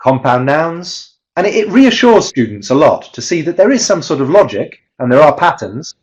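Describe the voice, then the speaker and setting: A man's voice: fairly high pitch, sing-song, normal speed, muffled recording. A man giving an online webinar presentation on teaching pronunciation, explaining step by step and chanting rhythm drills.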